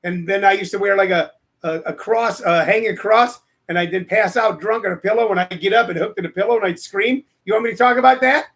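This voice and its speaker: A comedian in his sixties hosts a casual livestream show, speaking a little fast in a high, a bit bright voice. He rambles, jokes, and digresses between plugs and stories.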